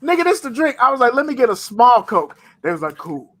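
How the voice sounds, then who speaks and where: A man with a strikingly high voice co-hosts a casual podcast chat. He rants in an animated, profane, storytelling way. The sound is close and dry, with no room around it. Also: fairly quick, dry recording. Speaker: podcast co-host.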